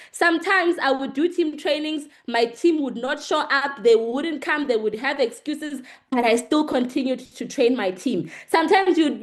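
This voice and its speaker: A woman giving an energetic business presentation to an audience, telling her story in short, repeated, emphatic sentences. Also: high-pitched. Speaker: guest speaker.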